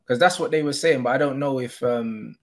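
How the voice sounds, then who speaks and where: A man's voice: mid-range voice, fairly quick. A man, arguing bluntly in a heated football debate and swearing casually. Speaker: host.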